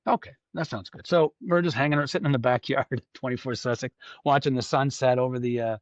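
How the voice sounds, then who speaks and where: A man's voice: medium pitch, quick pace, dry recording, muffled recording. A man from Canada, a musician guest telling a long anecdote in casual chat, acting out the voices of the people in it. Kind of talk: casual storytelling.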